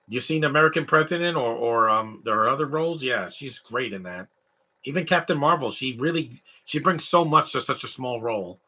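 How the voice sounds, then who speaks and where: A young man from Canada co-hosting a live stream, rambling through casual comedic chat. His voice is very bright and husky, and his talk is animated and digressive. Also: mid-range voice. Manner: rambling, animated, mimics stutters and sobbing noises.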